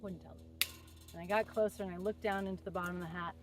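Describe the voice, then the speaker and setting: A woman's voice: on the low side, fairly even intonation, fast talker, over music. A young woman telling rambling stories in a casual, chatty way while working on a fence outdoors. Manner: rambling, chatty, with many fillers and asides.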